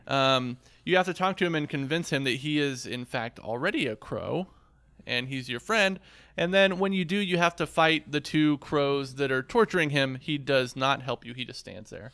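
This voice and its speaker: Smooth-voiced man explaining game lore. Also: mid-range voice, normal speed, a bit bright, no room sound. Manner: explains carefully with many ums and restarts. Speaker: podcast co-host. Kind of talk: casual gaming podcast chat.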